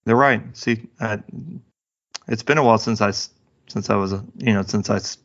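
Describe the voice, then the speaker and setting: A man co-hosting a podcast in casual chat, rambling with halting restarts and cracking dad jokes. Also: lowish voice, steady tone, dull audio. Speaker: podcast co-host.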